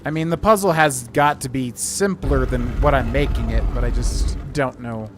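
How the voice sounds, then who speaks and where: A man's voice: medium pitch, moderate pace, a little hiss or hum. Chatty man thinking aloud while gaming. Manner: thinks aloud, rambling, many fillers. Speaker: streamer. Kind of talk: casual let's-play commentary.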